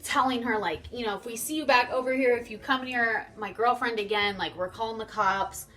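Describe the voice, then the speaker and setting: A woman's voice: fairly high pitch, fairly quick, sharp tone, soft background music. A young woman vlogger chatting casually and animatedly through a storytime, swearing freely. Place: home, getting ready on camera.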